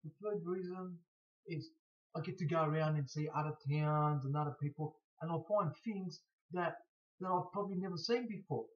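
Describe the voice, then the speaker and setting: Stuffy-nosed man, halting speech. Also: a little high. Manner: halting, stuttering, frequent restarts. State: blocked nose from hay fever. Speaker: scrap collector vlogger. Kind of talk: casual to-camera Q&A. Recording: dull lo-fi recording.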